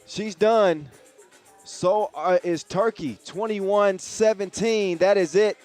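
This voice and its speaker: A man's voice: sits high, takes it slowly, a little mellow, faint music behind. Playful male event MC hyping a crowd. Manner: playful, urging the crowd to make noise. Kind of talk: crowd hype announcing. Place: outdoor event in a city square.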